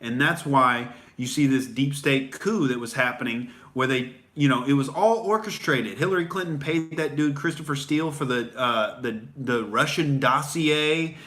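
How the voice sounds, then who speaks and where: Bright-voiced ranting man. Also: mid-range voice, normal speed, few pauses. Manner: profane, rambling, sarcastic rant with fillers. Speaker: comedian host. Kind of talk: ranting livestream commentary.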